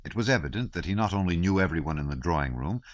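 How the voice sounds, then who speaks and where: A man reading a classic novel aloud as an audiobook narrator, measured and expressive. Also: low voice, dry recording, dull audio.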